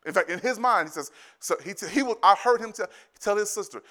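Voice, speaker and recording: A man in his thirties, a pastor, preaching a sermon, telling family stories in an animated way, repeating phrases and often laughing. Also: sits high, fast talker. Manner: animated storytelling, rising to loud excited bursts.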